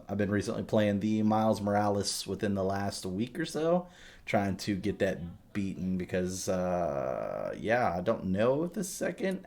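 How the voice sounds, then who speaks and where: Lower-voiced man telling animated stories. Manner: animated storyteller, swears freely. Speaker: podcast co-host. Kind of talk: casual chat.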